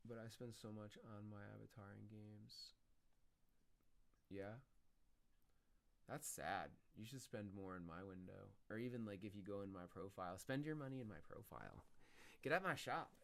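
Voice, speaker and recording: A man's voice: fairly low pitch, normal speed, gravelly, pauses often, a bit bright. A man rambling and musing as he chats to viewers on his live stream. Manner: rambling, musing, talks to chat. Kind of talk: casual live-stream chat.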